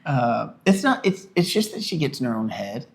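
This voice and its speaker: Male pastor co-host, casual chat, rambling jokey storyteller, mid pitch. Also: normal speed, vocal fry. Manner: rambling storyteller, jokey, animated when retelling.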